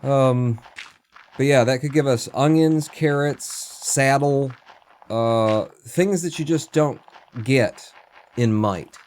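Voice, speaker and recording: A man's voice: mid-range voice, slow, a little mellow, a little hiss or hum. A man streaming a video game, chatting casually and muttering to himself as he plays, with the odd swear word. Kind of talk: casual gameplay commentary.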